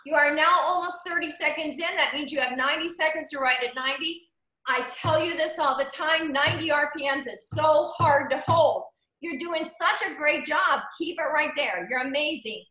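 A woman leads an online cycling class with a high, bright voice, cheering riders on by name and counting down each interval. She sounds roomy and echoey, as if she is coaching through a video call. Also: moderate pace. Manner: upbeat, encouraging, calls out riders by name; counts down seconds and cadence. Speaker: cycling instructor.

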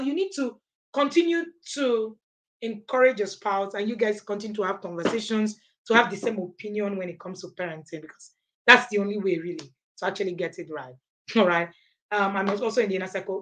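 A woman's voice: medium pitch, fairly bright tone. Emphatic woman coaching parents. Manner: emphatic, repeats points, checks in with "okay?". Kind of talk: live online parenting class with Q&A.

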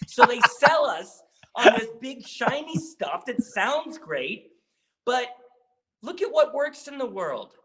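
A man as a guest on an interview podcast, talking in an animated, persuasive way and asking rhetorical questions. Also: extremely high pitch, slow. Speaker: guest, program founder.

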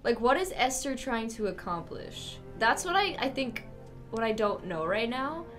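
A woman hosting a movie reaction, excitable, gasping and breaking into loud outbursts. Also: fairly high pitch, moderate pace, soft background music.

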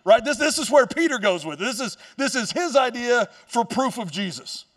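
A man preaching a sermon as pastor, telling a Bible story in a casual, joking way with quick asides. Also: very high voice, expressive, a bit bright, distant mic. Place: church stage.

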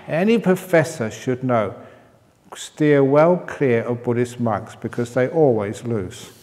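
Humorous monk telling stories in a hall. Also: male voice, mid-range voice, takes it slowly. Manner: humorous storytelling, reads questions aloud. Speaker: Buddhist monk teacher. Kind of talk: answering questions at a meditation retreat. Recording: long reverb of a meditation hall.

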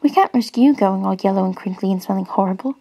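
Woman reading as a prim worried mum, hushed and husky. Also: mid-range voice, fast talker. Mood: fretful. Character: prim, fretful Victorian mother.

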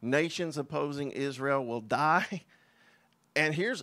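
A man's voice: a little high, takes it slowly, sharp tone. A man preaching a sermon, in an emphatic, conversational way with scoffing asides. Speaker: pastor.

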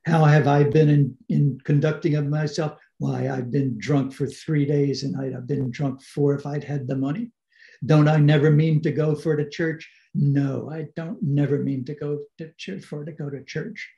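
A man's voice: medium pitch, level tone, moderate pace, vocal fry, hardly any pauses, warm tone, close to an everyday voice. A man reading aloud as an angry, drunken working-class brickmaker, defiant and vehement in coarse speech. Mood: resentful. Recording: dull, echoey video-call audio.

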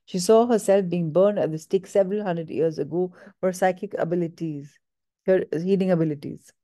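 Woman, reading aloud, low pitch, mellow, steady, small stumbles. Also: fairly quick.

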